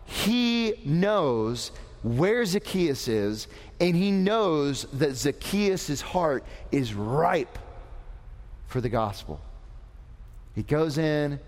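A man preaching a lively sermon to young people, animated and asking the audience questions. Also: fairly high pitch, slow. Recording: long hall reverb.

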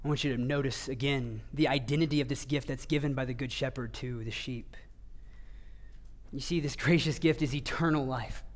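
A male pastor preaching a sermon, earnest, rising to emphatic passages and dropping to hushed low ones. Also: steady tone, normal speed.

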